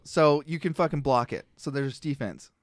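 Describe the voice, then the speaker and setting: A man's voice: a little high, normal speed, no room sound, clean studio sound. A man co-hosting a comedy podcast, from Canada, riffing casually and swearing as he tells stories. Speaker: podcast co-host. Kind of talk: crude casual comedy banter.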